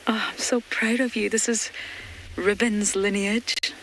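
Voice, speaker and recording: A woman giving live safari commentary from a vehicle outdoors, excited and emotional, sometimes dropping to a whisper. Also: mid-range voice, a little slow, a little hiss or hum, rough recording. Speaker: safari guide presenter.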